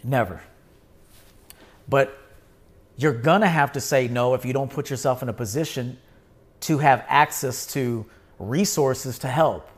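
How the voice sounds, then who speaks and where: A man's voice: medium pitch, a little slow, long pauses, breathy edge. A man hosting his own show, talking in a blunt, emphatic monologue, swearing and repeating himself for force. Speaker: podcast host. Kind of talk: casual livestream monologue.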